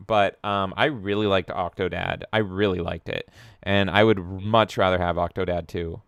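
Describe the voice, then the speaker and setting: A man co-hosts a podcast in casual live-stream chat, animated and quick to swear. His voice is smooth and resonant at a middle pitch. The sound is close and dry. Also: no room sound. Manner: animated, swears often, jokey. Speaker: podcast co-host.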